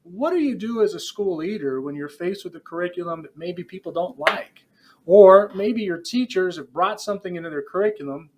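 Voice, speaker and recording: A middle-aged professor, lecturing future school leaders in a podcast. His voice sits a little high for a man. He talks in a relaxed, conversational way, wandering off on asides and speaking directly to his students. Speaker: professor teaching future principals.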